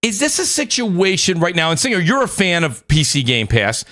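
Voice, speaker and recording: A man with a New York accent hosting a gaming podcast, hyping up guests with shout-outs and talking in loose, filler-heavy bursts. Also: sits high, wildly swooping pitch, moderate pace, no echo. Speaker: podcast host. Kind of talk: casual panel chat.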